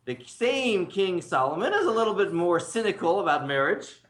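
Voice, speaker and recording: Male rabbi, chatty lunchtime teacher, quick with jokes, roomy sound. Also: sits high, sing-song, fairly bright tone. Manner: joking, laughs often, asks students to read. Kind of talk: casual lunchtime Torah class. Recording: echoey room.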